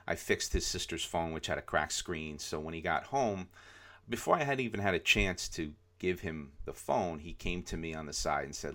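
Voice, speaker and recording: A middle-aged man with a very low voice talks on a podcast in a loose, rambling way. He fills his sentences with "um" and "you know" and often restarts them. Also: very animated, moderate pace. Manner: rambling, many fillers and restarts. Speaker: podcast co-host. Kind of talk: casual podcast chat.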